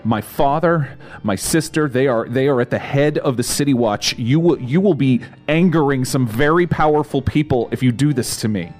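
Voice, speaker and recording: A man's voice: medium pitch, moderate pace, hardly any pauses, darkish tone, soft background music. A man playing a tabletop game in character, pleading urgently and swearing. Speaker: player.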